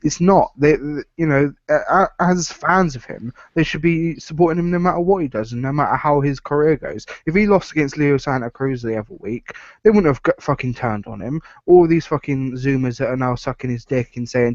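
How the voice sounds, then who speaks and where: A man's voice: on the high side, fairly quick, hardly any pauses, no room sound. A man arguing his point bluntly and with swearing in casual podcast chat. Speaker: podcast co-host. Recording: dry, dull lo-fi podcast audio.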